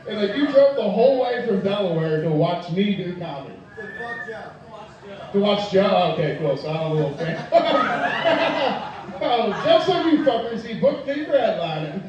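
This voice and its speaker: Young male stand-up comic, crude and foul-mouthed, high voice, booming echo, far from the mic. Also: lively intonation, normal speed, highs cut off, crowd noise. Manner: crude and profane, laughs at his own jokes. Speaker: stand-up comedian. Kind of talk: stand-up comedy set. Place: tavern stage. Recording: echoey room, far from the mic.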